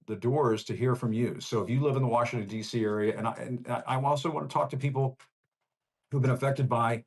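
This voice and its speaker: A man's voice: medium pitch, steady tone, brisk, darkish tone, husky. A man from Northern Virginia hosting a live show, signing off in a conversational, rambling, personal way. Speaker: host. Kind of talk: casual livestream sign-off.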